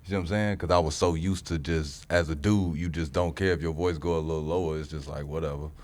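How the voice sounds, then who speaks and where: A man co-hosting a podcast, talking in an animated, slangy, joking way. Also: very deep voice, fast. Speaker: podcast co-host. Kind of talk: casual podcast conversation.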